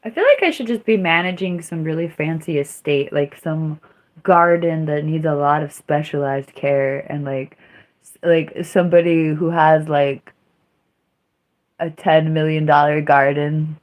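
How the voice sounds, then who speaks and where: A woman's voice: low voice, a little slow. A woman streaming live, chatting casually in a rambling, self-mocking way with dramatic outbursts. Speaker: livestreamer. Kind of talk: casual livestream chat.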